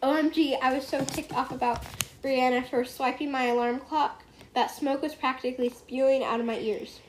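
A young girl reads a diary-style book aloud in a bright, high voice, leaning into the funny lines. She reads eagerly at home, and a faint room noise hums behind her. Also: steady tone, normal speed, rough recording. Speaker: reader.

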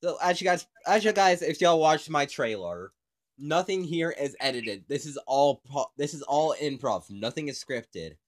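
A man's voice: on the high side, animated, moderate pace. A man hosting a casual, unscripted podcast who jokes around, rambles and laughs often. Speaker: podcast host. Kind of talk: casual improvised podcast chat.

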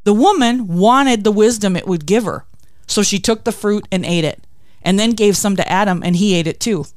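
Female host, devotional chat, animated storyteller, close dry mic. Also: medium pitch, moderate pace, no room sound. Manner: expressive storytelling with acted quotes. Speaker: podcast host. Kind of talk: faith devotional talk.

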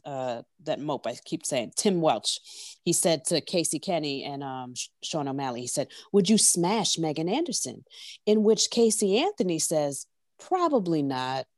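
An animated woman in a casual podcast chat, talking in a slangy, lively way and tossing out one rhetorical question after another. Her voice sits a little low, and the sound is close and dry. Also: dry recording. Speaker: podcast co-host. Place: at her workplace.

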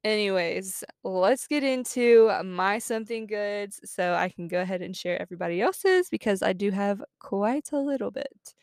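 Chatty young woman with a smooth voice. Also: mid-range voice, moderate pace, few pauses, a little mellow, dry recording, studio quality. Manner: chatty, upbeat, lots of fillers and giggles. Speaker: podcast host. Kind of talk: casual chat. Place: parked car.

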